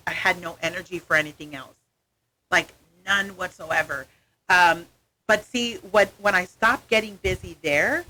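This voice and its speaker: A woman in her thirties with a bright, sharp voice, talking as a comedian guest on a radio show. She tells her stories with animation and drops into little voices for the people in them. Recorded in a radio studio. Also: medium pitch, a little hiss or hum. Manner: animated storyteller, acts out voices. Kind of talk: casual interview chat.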